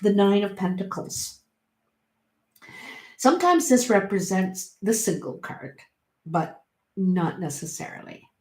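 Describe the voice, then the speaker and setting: A middle-aged woman giving a casual tarot reading, chatty and encouraging, with sudden bursts of excitement. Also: medium pitch, takes it slowly, long pauses. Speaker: tarot reader. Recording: roomy echo.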